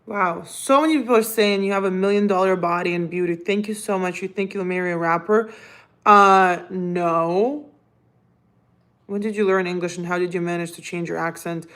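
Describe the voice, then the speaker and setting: This livestream host, a woman whose first language is Russian, talks casually while reading out viewer comments and speaking to her cat. She has a fairly low, slightly bright voice and speaks at a normal speed.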